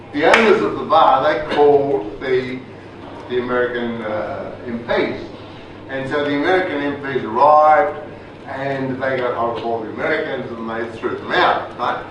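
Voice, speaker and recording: An older Australian man with a mid-range voice works as a resilience trainer and speaker, telling stories to a training group in a casual, chatty lecture. He restarts phrases and keeps checking in with the room by asking "right?". A distant room mic catches him in an echoey space with background noise.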